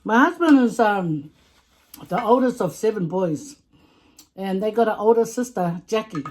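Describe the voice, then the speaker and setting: A woman's voice: mid-range voice, lively intonation, unhurried, darkish tone. A woman with a Samoan English accent chatting in a casual storytime vlog while eating, talkative, laughing often and repeating herself. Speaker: vlogger.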